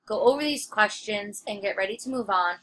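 Bright-voiced teacher explaining patiently. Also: female voice, medium pitch, a little fast, a little hiss or hum, low-quality recording. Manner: clear, patient explaining with fillers. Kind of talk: classroom review lesson.

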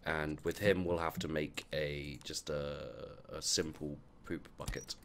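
Very deep-voiced man narrating gameplay. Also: flat delivery, measured pace, a little hiss or hum. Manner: mutters and exclaims to game characters, swears freely. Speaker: let's play gamer. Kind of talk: casual gameplay commentary.

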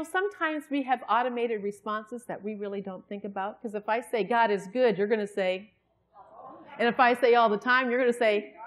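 A woman's voice: on the high side, fairly bright tone. A middle-aged woman, preaching a sermon in a church and telling a personal story in an earnest, conversational way.

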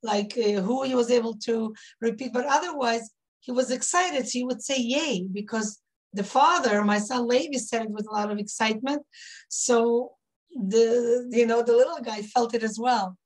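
Speaking at normal speed in a fairly high voice, the rebbetzin, an Israeli woman in her fifties, leads her women's class. She tells warm stories from memory, often stopping to restart and leaning on fillers.

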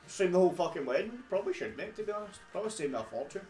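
A man's voice: sits high, expressive, very fast, darkish tone. Scottish man, laughing banter in an echoey garage. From Scotland. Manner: laughs often, swears freely, teasing. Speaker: podcast co-host. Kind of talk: casual banter over beers. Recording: echoey garage with music behind.

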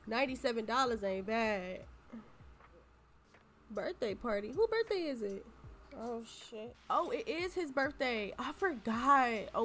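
A woman's voice: fairly high pitch, fairly bright tone, a little hiss or hum. Sassy young woman commenting on gameplay. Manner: sassy, playful, voices her game characters. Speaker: gaming YouTuber.

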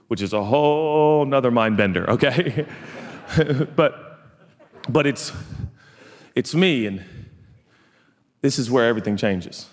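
A male pastor preaches in a large hall with a long echo that trails behind his words. He tells the story with real animation, slipping into voices for the people in it and swinging from near-whispers to loud bursts. His voice sits at an ordinary middle pitch. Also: normal speed, long pauses. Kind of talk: sermon.

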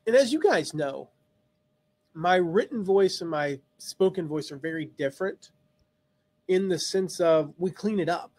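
A man with a high, expressive, somewhat dark voice speaks a little slowly, with no echo in the recording. He is hosting a live online lesson and thinks aloud as he works through ideas, rambling and restarting often.

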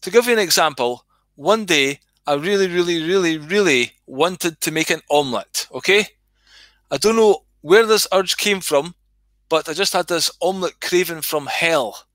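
A man's voice: fairly high pitch, normal speed, a bit bright, dry recording. A middle-aged Scottish man reading his comedy skit aloud on a livestream, swearing freely and chatting to viewers.

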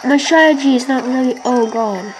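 A woman host giving excitable let's-play commentary, complaining loudly at a boss fight. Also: high voice, moderate pace, noisy background. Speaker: gaming channel host. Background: video game music.

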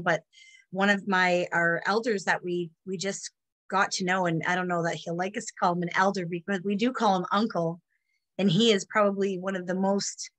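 A woman hosting a community program on a video call, giving an emotional, halting introduction with many restarts while tearful. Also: lowish voice, a bit bright. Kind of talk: heartfelt spoken introduction.

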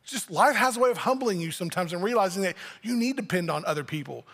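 A man's voice: high-pitched, expressive, quick pace, a bit bright, in a large hall. A man preaching a sermon as pastor, talking in a conversational way and acting out little family dialogues. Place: church sanctuary.

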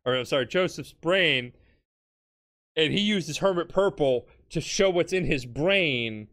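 A drunk man retells a story on a podcast, rambling, swearing and laughing as he goes. His voice is bright and forward, pitched a bit high for a man. His delivery is loose and animated. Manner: rambling, profane, laughing, acts out characters. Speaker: podcast host. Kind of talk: casual comedic retelling.

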